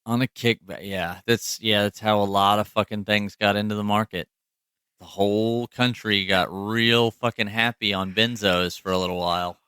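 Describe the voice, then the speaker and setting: A man's voice: on the low side, fairly even intonation, normal speed, bright, forceful tone, smooth, no echo, studio quality. A man co-hosting a podcast in casual chat, rambling and profane with lots of fillers. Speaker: podcast co-host.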